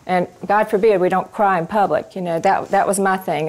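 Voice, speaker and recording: A woman's voice: fairly low pitch, steady tone, a little fast, vocal fry, few pauses, darkish tone. A woman, a Christian ministry speaker, tells a personal faith testimony to a live audience. She tells it expressively and turns to ask the audience questions.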